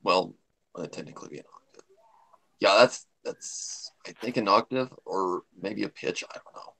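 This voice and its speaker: A man's voice: deep voice, lively intonation, normal speed, vocal fry, pushed and bright. A man chatting casually on a livestream, a voice actor who jumps between voices to demonstrate them.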